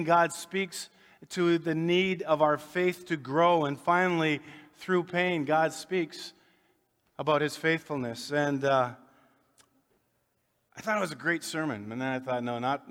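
A man's voice: a little high, fairly bright tone, smooth. A man preaching a sermon as pastor, folksy and conversational, joking with the congregation. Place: church sanctuary. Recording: long reverb of a church hall.

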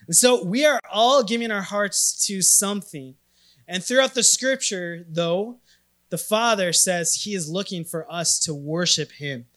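A man from Minnesota in his thirties preaching a sermon, telling stories with animated, emphatic swings in loudness. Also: high-pitched, a little slow. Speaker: pastor.

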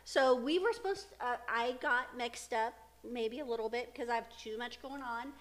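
A woman's voice: a little high, normal speed. A middle-aged woman co-hosting a casual podcast, telling stories with frequent laughter. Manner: chatty storytelling, frequent laughter. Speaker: podcast co-host, mother. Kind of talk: casual chat.

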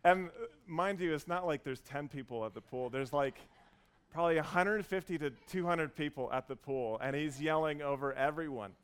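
Earnest preacher man, smooth voice. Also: fairly high pitch, moderate pace. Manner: earnest, warm storytelling with restarts. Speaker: pastor. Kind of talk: sermon.

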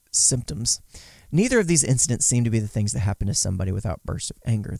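A man's voice: mid-range voice, vocal fry, no echo, clean studio sound. A man giving casual commentary, sarcastic and mocking, sometimes voicing quotes in exaggerated tones. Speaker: podcast commentator.

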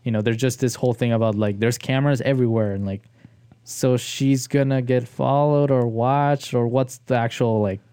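Mellow-voiced man, halting chat. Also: medium pitch, steady tone, clean tone, no echo. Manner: halting, hedging, many restarts. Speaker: podcast co-host. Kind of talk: casual chat.

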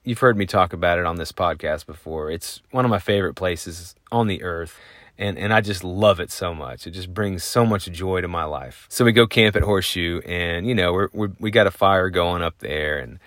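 Podcast host, a man with a very deep voice, rambling through a casual story. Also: moderate pace, a bit bright, no room sound, clean studio sound. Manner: rambling, lots of fillers, chuckling.

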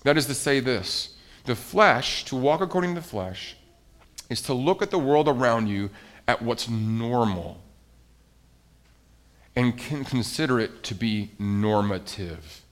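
A man's voice: medium pitch, lively intonation, a little slow. A man preaching as pastor in a children's sermon, coaxing the kids with questions and explanations.

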